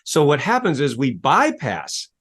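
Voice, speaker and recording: A man who works as a self-help coach, telling stories as a guest in an interview with a salesy, animated manner, acting out quotes and spelling words letter by letter. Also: on the high side, a little slow, husky. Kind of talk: enthusiastic storytelling interview talk.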